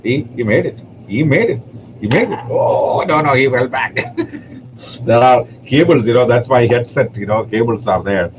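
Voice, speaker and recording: Guy with a foreign accent rambling on his livestream, lots of "you know", laughs a lot, middle pitch, faint hiss. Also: animated, moderate pace, rough recording. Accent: non-native English accent. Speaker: livestream host and poet. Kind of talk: casual livestream storytelling.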